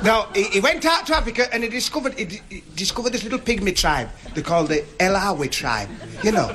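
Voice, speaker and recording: Chuckling Northern English comedian, high lively voice. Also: male voice, quick pace. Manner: rambling, chuckling storyteller with broad dialect. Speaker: stand-up comedian. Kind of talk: stand-up joke telling. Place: live stage before an audience. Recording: noisy live recording with crowd. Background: audience laughter.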